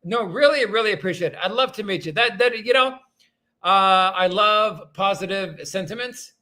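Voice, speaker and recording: A man's voice: high-pitched, moderate pace, sharp tone. A man hosting a casual livestream, reading viewer comments aloud and rambling in a self-deprecating way as he thanks each viewer.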